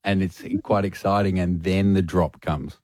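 A man's voice: deep voice, fairly even intonation, measured pace, a little mellow, no echo, clean studio sound. A man hosting a playful radio chat show, laughing often and teasing his co-hosts. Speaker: radio host. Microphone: studio microphone.

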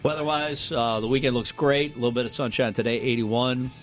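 A man co-hosting a morning radio show, chatting casually and telling jokey, animated stories. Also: mid-range voice, fairly quick, faint music behind.

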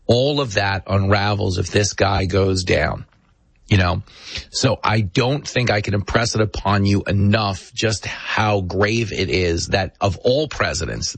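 Husky-voiced man, emphatic commentary host. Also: on the low side, dry recording. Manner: emphatic, sarcastic, animated storyteller. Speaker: talk show host. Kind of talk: political commentary monologue.

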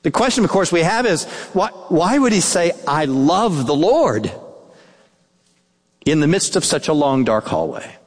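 Animated preacher man in echoey hall. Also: on the high side, unhurried. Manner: earnest, dips into soft hushed tones for quoted words. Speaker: pastor. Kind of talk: sermon.

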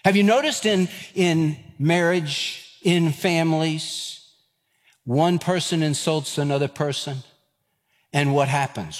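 A man preaches, his voice sitting a little high as he acts out the voices in his story. The sound rings with the long reverb of a large hall. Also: slow. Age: 50s. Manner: animated storyteller, acts out dialogue. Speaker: pastor. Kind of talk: sermon with personal story.

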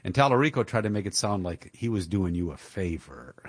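A man's voice: low-pitched, very animated, fairly quick, slightly rough, dry recording. Indignant male talk radio host, dry sound. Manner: indignant, emphatic, with chuckles. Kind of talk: opinionated political commentary.

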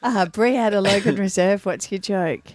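A woman's voice: mid-range voice, moderate pace, darkish tone, no echo. Teasing Australian woman co-host. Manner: teasing, laughs often. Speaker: radio co-host. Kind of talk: casual radio banter.

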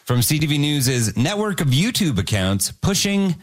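A man hosting a satirical news panel, asking questions in a brisk, wry way. His voice moves lively up and down. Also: on the high side. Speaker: comedy panel host.

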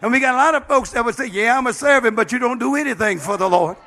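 A man's voice: extremely high pitch, fast talker, pushed and bright. A man, a bishop, preaching a sermon with passion, dropping frequent amens and calling out to the congregation. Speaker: bishop and pastor.

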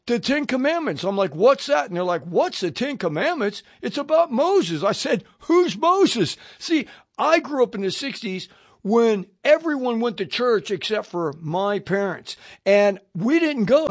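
Older male radio preacher, high voice, animated storyteller, close dry mic. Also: no room sound. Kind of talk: testimony sermon.

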